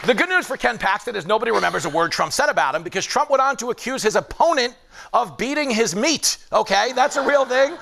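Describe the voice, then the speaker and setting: A man delivering a late-night comedy monologue, animated and mimicking people in voices. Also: extremely high pitch, quick pace, gravelly. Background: studio audience laughing.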